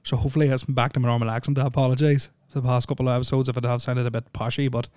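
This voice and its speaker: A man's voice: medium pitch, level tone, racing, darkish tone, clear, resonant tone, no echo. A man hosting a solo podcast, rambling with lots of ums and dry jokes. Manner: rambling, filler-heavy, joking. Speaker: podcast host. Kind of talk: casual solo podcast chat.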